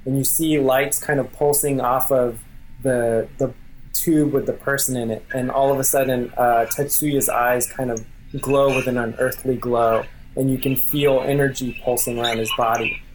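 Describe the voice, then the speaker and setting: A man at a medium pitch narrates a tabletop role-playing game as its game master. He talks casually and rambles, with plenty of fillers as he describes the scene. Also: little pitch movement, moderate pace, a little hiss or hum, rough recording.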